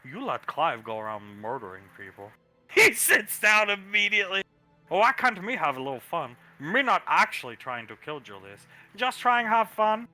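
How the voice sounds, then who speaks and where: A man's voice: high voice, very animated, normal speed, sharp tone, faint music behind, pitched above the performer's own voice, heavily acted. Man doing a brutish dim-witted creature. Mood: gruff. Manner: caveman-style broken grammar, gruff. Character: brutish dim-witted male creature speaking broken talk.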